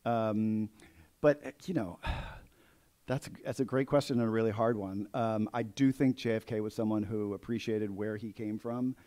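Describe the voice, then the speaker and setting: A man's voice: fairly low pitch, steady tone, normal speed, mellow. A man, an author being interviewed at a live bookstore event, speaking hesitantly with frequent restarts. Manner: hesitant, many restarts and fillers. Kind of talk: conversational book interview.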